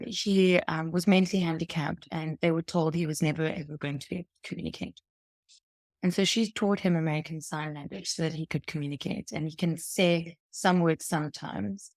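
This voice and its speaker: Brief: woman, late 20s, host, chatty animated storyteller, lower pitch, dry close sound. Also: dry recording. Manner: animated storytelling, laughs often. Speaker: podcast host. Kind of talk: casual chat.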